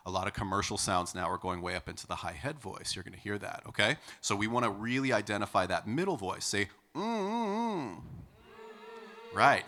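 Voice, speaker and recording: A man's voice: on the low side, bright, forceful tone, a little hiss or hum. A middle-aged male vocal coach explaining singing technique in an upbeat way, often checking in with "okay?". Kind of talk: singing lesson with sung demonstrations.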